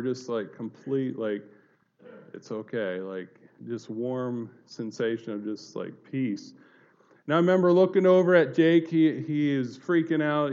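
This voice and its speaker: A man with an ordinary mid-pitched voice tells an audience his personal story in a sincere, unpolished way. He circles back on his words and fills pauses with small hesitations. The recording has a dull, lo-fi sound. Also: a little mellow. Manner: earnest, halting, with many fillers and restarts. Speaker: speaker giving a personal testimony. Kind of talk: earnest spoken storytelling to an audience.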